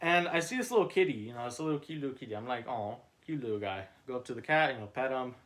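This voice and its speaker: A man with a medium-pitched, fairly bright voice and lively intonation reads his own script at rapid-fire speed. He spins an absurd story in a casual, rambling way, packing in fillers and mock-dramatic emphasis. He often restarts mid-sentence and keeps correcting himself.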